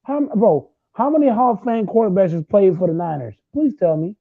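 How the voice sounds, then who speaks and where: A man in his late twenties arguing football in a heated casual chat, loud and repetitive, trash-talking. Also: high voice, big pitch swings, brisk, gravelly, over a noisy crowd. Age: late 20s. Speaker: host. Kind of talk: heated casual sports argument. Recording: tinny phone-like sound.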